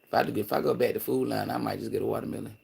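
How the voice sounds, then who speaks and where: A man chatting casually on a livestream, rambling and profane, swinging between loud excited bursts and low mutters. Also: rapid-fire, gravelly, slightly rough. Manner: profane, slangy, laughs often. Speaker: livestream host.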